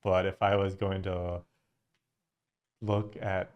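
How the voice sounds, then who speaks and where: A man's voice: deep voice, little pitch movement, slow, clear, resonant tone, highs cut off. A man from Minnesota with a Minnesotan accent, chatting casually and curiously while reacting to a video. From Minnesota, United States.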